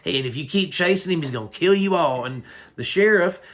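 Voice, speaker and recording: A man's voice: a little high, lively intonation, fairly quick, fairly bright tone. A man recapping a film in a casual, rambling, slangy way, full of fillers. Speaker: film reviewer.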